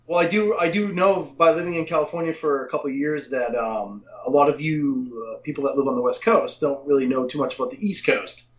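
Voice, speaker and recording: A man's voice: mid-range voice, a little fast, few pauses. A man from the Boston area co-hosting a podcast, joking around, swearing freely and laughing easily in casual banter. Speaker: podcast co-host. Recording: dull lo-fi sound.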